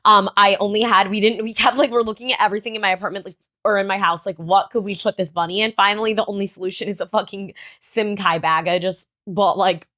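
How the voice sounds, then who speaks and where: A young woman co-hosting a podcast, telling a story in animated casual chat, full of "like" and swearing. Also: mid-range voice, fast talker, hardly any pauses, no room sound, clean studio sound. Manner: animated storyteller, heavy "like" filler, frequent swearing. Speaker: podcast co-host.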